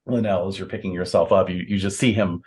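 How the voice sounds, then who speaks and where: A man narrating as game master of a tabletop game, unhurried, with many fillers and restarts. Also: sits low, fairly even intonation, darkish tone.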